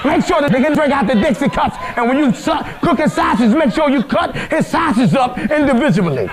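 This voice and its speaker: A man doing a cursing old grandma, high and shrill. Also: animated, a little fast, a crowd in the background. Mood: bossy. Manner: loud, scolding, profane. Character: cursing foul-mouthed old grandmother, ninety-eight.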